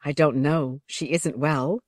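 A woman reading the part of a soft-voiced, pleading young woman dancer. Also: sits low, steady tone, takes it slowly, no room sound, clean studio sound.

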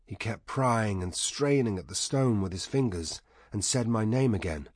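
A man voicing a grieving man haunted by dreams, quiet and weary in a husky hushed voice. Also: lowish voice, expressive, moderate pace, no echo, studio quality. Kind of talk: audiobook character voice.

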